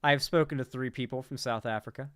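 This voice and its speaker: Profane, fast-rambling man with a crisp voice. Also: mid-range voice, fairly even intonation, a bit bright, dry recording, clean studio sound. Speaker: political commentary streamer. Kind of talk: casual reaction commentary.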